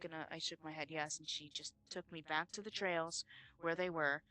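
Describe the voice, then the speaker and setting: A man's voice: a little high, fairly even intonation, pushed and bright. Earnest man telling a spooky tale. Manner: earnest, halting retelling with repeated words. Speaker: storyteller. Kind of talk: telling a personal spooky story.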